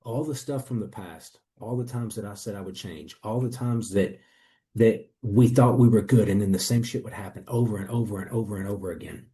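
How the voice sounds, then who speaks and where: A man with a low, mellow voice speaks in a candid testimonial interview. He tells his story earnestly and reflectively, pausing to find his words. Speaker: coaching client.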